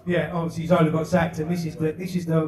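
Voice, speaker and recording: A man's voice: on the high side, flat delivery, fast. Teasing male host over crowd chatter. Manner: teasing, prompting questions. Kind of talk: casual interview. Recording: roomy, distant mic, crowd chatter.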